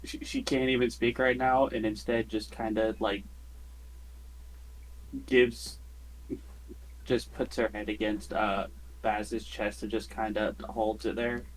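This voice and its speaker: A man voices his turn in a tabletop game, stumbling over restarts and laughing now and then. His voice sits a bit low. The talk is loose and casual. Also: level tone, slow pace, long pauses, slight background noise, poor audio. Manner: stammering, laughing player describing his character. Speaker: player. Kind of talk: casual tabletop role-play.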